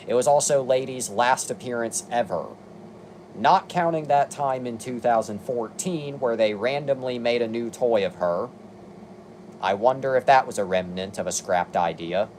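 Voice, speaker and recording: A man's voice: mid-range voice, a little mellow, slight background noise. A young man giving casual review commentary, reading long lists with dry, exasperated asides. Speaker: video commentator.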